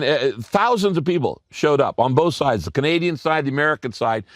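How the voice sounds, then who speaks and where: An older man, a pastor preaching a sermon, telling stories and repeating key lines slowly for emphasis. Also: medium pitch, dry recording, studio quality.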